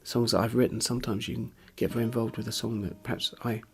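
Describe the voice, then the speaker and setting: A man's voice: mid-range voice, level tone, fast talker, vocal fry. A man, a musician, speaking in a candid interview, hesitant and searching for words, openly earnest and emotional.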